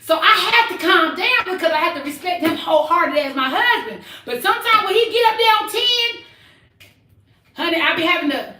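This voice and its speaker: Outspoken middle-aged woman, bright high voice, echoey room, distant mic. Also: animated, fairly quick. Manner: outspoken, loud and blunt, laughs often. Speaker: host. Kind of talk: casual family chat.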